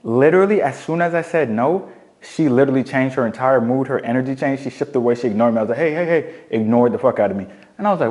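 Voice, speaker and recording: Fast-talking slangy young man. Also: medium pitch. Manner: slangy, profane, animated storytelling. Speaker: dating coach. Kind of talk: casual storytelling monologue.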